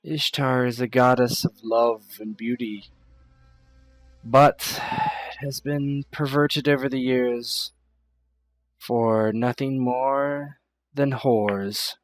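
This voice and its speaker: A man's voice: mid-range voice, steady tone, takes it slowly, dry recording, lightly acted. A man voicing a proud female desert priestess who speaks in a formal, aloof way. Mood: cool, formal.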